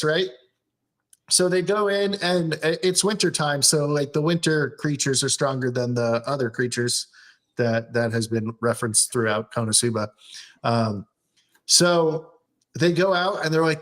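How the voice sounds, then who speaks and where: A man's voice: a little high, unhurried, a bit bright. A man hosting a casual chat show, recapping an anime episode with lots of laughter and swearing, acting out characters' quotes in a raised voice. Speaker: show host.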